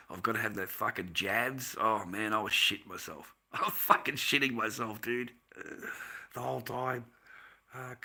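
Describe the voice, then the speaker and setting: A man's voice: fairly low pitch, sharp tone. A middle-aged man, telling long, loose stories on a livestream with plenty of swearing and slang. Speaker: livestream host. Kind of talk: rambling casual storytelling.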